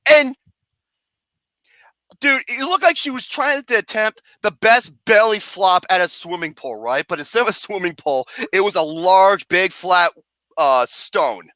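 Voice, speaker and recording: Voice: medium pitch, expressive, unhurried, bright, forceful tone, dry recording. A movie reviewer ranting about a film in a comedic, profane way, mocking and sarcastic, swearing constantly and breaking into laughter.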